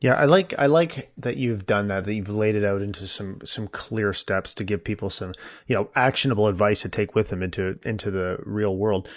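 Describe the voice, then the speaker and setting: A man hosting his own podcast, chatting informally with jokes and lively asides. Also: lowish voice, normal speed, no room sound. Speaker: podcast host. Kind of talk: casual interview chat.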